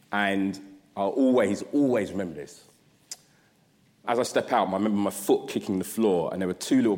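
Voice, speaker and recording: A man, giving an animated, humorous storytelling address. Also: on the low side. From South London. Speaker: guest speaker. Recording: long hall reverb.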